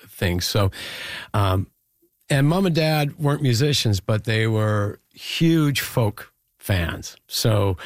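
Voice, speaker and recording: A man's voice: on the low side, dry recording. A middle-aged man and musician guest chatting casually in a studio interview, rambling with fillers and restarts. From Canada (Saskatchewan). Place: radio studio.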